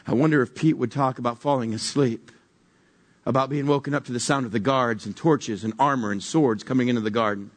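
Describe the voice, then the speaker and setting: Husky-voiced man preaching a story sermon. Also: medium pitch, fairly quick. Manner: wondering, conversational with jokes.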